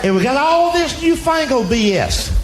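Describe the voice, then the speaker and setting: Lively high-voiced Southern comedian. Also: male voice, normal speed, over music. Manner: folksy, animated, drawling punchlines. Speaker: stand-up comedian. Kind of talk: stand-up storytelling. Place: comedy stage before an audience. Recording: roomy live show with loud crowd laughter.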